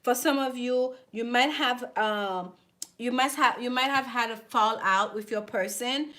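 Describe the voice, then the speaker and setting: A woman's voice: on the high side, unhurried, sharp tone. A woman giving a live tarot reading, chatting with viewers and often repeating herself. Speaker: tarot reader.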